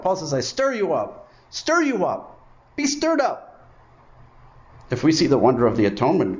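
Male preacher, animated pitch swings, emphatic repetition; dull lo-fi church recording. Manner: emphatic, repeats phrases for effect. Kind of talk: sermon. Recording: muffled, lo-fi sermon recording.

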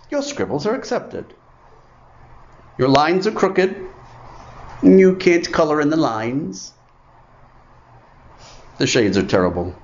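Emphatic male preacher, muffled recording. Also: fairly high pitch. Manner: emphatic, repeats phrases for effect. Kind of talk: sermon.

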